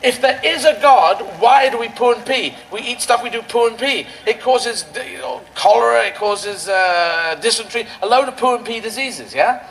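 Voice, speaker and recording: A man performing a stand-up routine on an outdoor rally stage, with a rambling, surreal, playful delivery full of quick asides. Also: very high-pitched, fairly bright tone, slight background noise, rough recording. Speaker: stand-up comedian.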